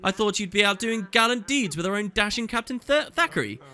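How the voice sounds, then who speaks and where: A man voicing a forward, flirtatious noblewoman in a high, sugary falsetto for a video game. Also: animated, fairly quick, pushed and bright.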